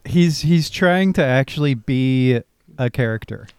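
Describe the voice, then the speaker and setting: A man's voice: medium pitch, lively intonation, a little slow, darkish tone, smooth, no echo. A man co-hosting a podcast, joking wryly in casual movie chat. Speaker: podcast co-host.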